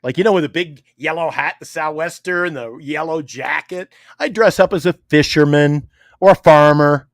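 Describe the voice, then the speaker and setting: A man's voice: fairly high pitch, moderate pace, dry recording, studio quality. A middle-aged man co-hosting a sports talk show, chatting casually and laughing easily. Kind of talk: casual banter.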